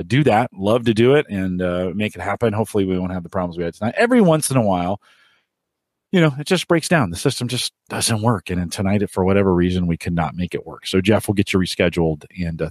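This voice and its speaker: A man hosts a tech podcast in loose, friendly chat, drifting through asides and filler words. His voice sits fairly low and is recorded dry and close, with no room sound. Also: a little mellow, no echo. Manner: rambling, friendly, many fillers. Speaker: podcast host. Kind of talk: casual chat.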